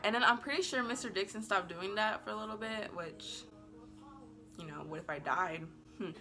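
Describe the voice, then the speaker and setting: Giggly woman vlogger rambling thru a storytime, lots of "like", mid pitch. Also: moderate pace, bright, forceful tone, soft background music. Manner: chatty and rambling, heavy use of "like"; bubbly and giggly, apologizes playfully. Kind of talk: casual storytime vlog.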